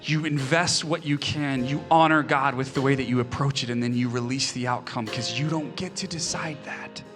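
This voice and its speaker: Man in his thirties, pastor, earnest sermon, soft-spoken, faint music underneath. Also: mid-range voice, fairly even intonation. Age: 30s. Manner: earnest, often soft-spoken, with quickening anecdotes. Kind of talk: sermon with personal stories.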